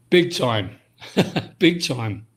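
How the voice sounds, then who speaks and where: A middle-aged man from Britain, a ski instructor and author, talking casually in an interview and often restarting his sentences. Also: mid-range voice. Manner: rambling, frequent restarts and "um"s.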